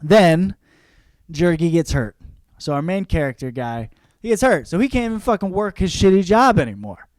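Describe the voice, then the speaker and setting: A man's voice: high voice, sing-song, moderate pace, darkish tone, dry recording, clean studio sound. A young man hosting a podcast, giving a casual book review, swearing freely and acting out the characters' lines. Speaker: podcast host.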